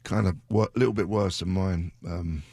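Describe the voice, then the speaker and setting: A man's voice: low-pitched, fairly even intonation, normal speed, gravelly, warm tone. A British man hosting a radio show, chatting casually in a rambling, self-deprecating way into a studio mic. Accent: British English. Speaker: radio DJ host.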